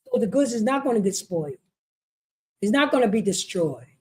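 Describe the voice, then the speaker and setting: A woman's voice: mid-range voice, very animated, fairly quick. A woman teaching a religious law class in an emphatic, repetitive street-style sermon, often asking "you know what I mean". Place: meeting hall.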